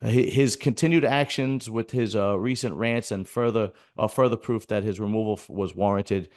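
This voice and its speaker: A man's voice: fairly low pitch, moderate pace, a little mellow. A man hosting a podcast in casual chat, rambling and blunt with many restarts. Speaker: podcast host.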